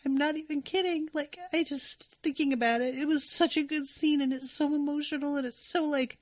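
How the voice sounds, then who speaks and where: This podcast host talks a little fast in a high, steady voice, recorded without echo. She chats casually about a show she adores, so emotional and effusive that she sometimes chokes up.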